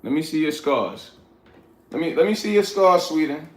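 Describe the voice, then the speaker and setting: New guy on a livestream, blunt and preachy, kinda high voice, echoey room. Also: lively intonation, moderate pace. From New York. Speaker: livestream host. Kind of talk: casual livestream chat, reading chat aloud.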